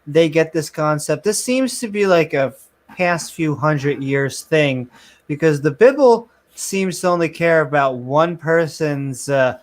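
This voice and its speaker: A man co-hosting a casual podcast chat, telling stories in an animated way and laughing often. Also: on the high side, measured pace. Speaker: podcast co-host.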